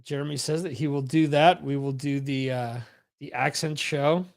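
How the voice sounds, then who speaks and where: This podcast host speaks at normal speed with a gravelly, fairly high voice and fairly even intonation. Live-streaming, he rambles casually, repeats himself, and reads out what viewers type in chat.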